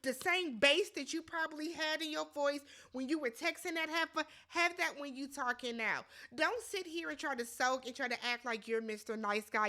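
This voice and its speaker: A woman hosts a casual reality show recap, her voice sitting high. She is animated, blunt and emphatic, swears freely, and quickly slips into imitations of the people she discusses.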